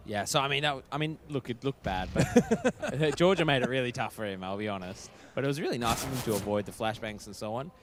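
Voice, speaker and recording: Guy doing esports color commentary, wry and chatty, mid pitch, noisy booth. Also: expressive, brisk, hardly any pauses. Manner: wry, self-mocking, chatty. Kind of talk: joking match commentary.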